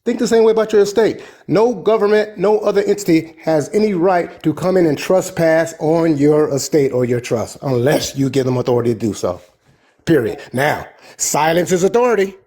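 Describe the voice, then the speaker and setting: A man with a fairly high voice gives advice in an earnest, preachy way. He comes back to his main points again and again, stressing them as he goes. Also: expressive, moderate pace, dark tone. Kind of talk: casual advice talk.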